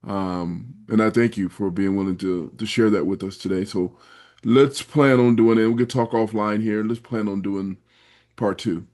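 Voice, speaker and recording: A man hosting a podcast, speaking in a gentle, encouraging way with religious phrasing. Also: fairly low pitch, steady tone, moderate pace. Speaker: podcast host. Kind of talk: casual interview.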